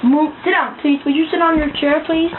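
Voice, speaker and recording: A woman's voice: high-pitched, steady tone, a little fast. A woman coaxing a child through animal sounds in an encouraging, sing-song way. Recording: tinny phone-like sound with noise.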